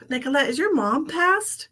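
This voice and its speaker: A woman's voice: high-pitched, bright, forceful tone. Chatty woman doing live psychic readings. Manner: chatty, laughs often, drops into whispered asides. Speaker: psychic medium. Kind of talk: live-streamed psychic readings, casual chat.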